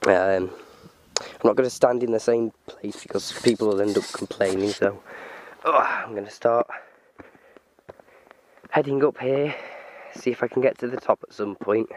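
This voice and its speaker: A man's voice: fairly low pitch, slight background noise. A man vlogging on a walk up a hill, rambling with lots of ums, holding the camera himself. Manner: rambling, halting, many ums. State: out of breath. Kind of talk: casual vlog while driving and walking. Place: outdoors on a wooded hill. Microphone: handheld camera.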